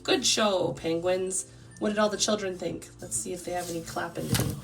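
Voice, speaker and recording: A woman's voice: lowish voice, steady tone, brisk, creaky, recorded from a distance, music in the background. A woman narrating a playful toy story for a child, sing-song and chatty, slipping into small character voices.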